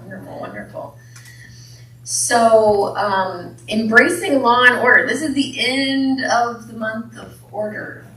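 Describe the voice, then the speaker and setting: A woman's voice: on the high side, takes it slowly, bright, forceful tone. A woman minister giving a playful sermon with jokes, often asking the congregation questions. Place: church hall. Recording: echoey hall from a distance.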